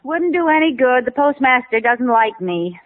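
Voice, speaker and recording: Bubbly young wife, 1950s radio comedy, fairly high voice, dry tinny old broadcast sound. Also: female voice, lively intonation, moderate pace, no room sound. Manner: bubbly, playful comic delivery. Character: cheerful young wife, chatty and fond.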